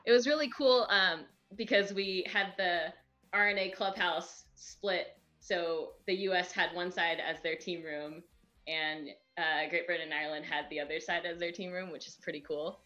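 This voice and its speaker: A woman's voice: lowish voice, steady tone, moderate pace, pushed and bright, highs cut off, faint music behind. A woman, a pro golfer, chatting and laughing a lot while playing an online match. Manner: giggly, chatty, self-deprecating. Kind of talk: casual chat during a game.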